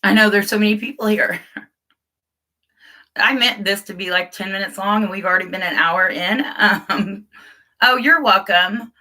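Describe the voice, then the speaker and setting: A chatty woman talking on a casual live stream. Her voice is bright and clear, and she rambles warmly from one thing to the next, greeting viewers by name between thoughts. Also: mid-range voice, unhurried, long pauses.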